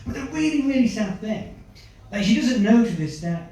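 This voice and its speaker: A man performs stand-up, bantering with people in the crowd. His voice sits high. The sound is caught from off the stage in a very echoey club. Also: big pitch swings, moderate pace, dark tone, far from the mic. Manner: chatty, chases audience members with questions. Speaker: stand-up comedian. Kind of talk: stand-up set with crowd work.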